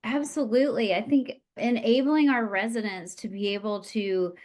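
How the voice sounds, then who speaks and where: A woman's voice: on the high side, fairly even intonation, moderate pace, a little mellow. A woman hosting an interview who talks in an enthusiastic, affirming way. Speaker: interview host. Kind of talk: conversational interview.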